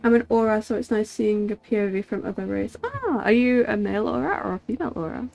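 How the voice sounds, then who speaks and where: A woman's voice: medium pitch, expressive, fast, creaky, darkish tone, faint music behind. A woman streaming a video game, chatting casually and reading game lines aloud.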